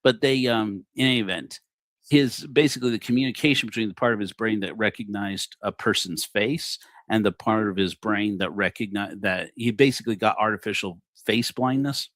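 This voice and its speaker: A man's voice: fairly low pitch, moderate pace, a bit bright, no room sound. A man preaching a comedic, rambling sermon on a livestream, joking and self-deprecating. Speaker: preacher of a parody church.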